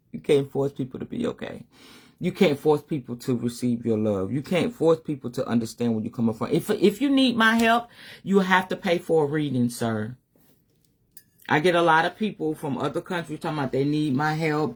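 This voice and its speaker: Middle-aged woman, spiritual advisor, open-hearted live-stream monologue with a breathy, husky edge. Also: sits low. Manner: candid and emotional, swears casually.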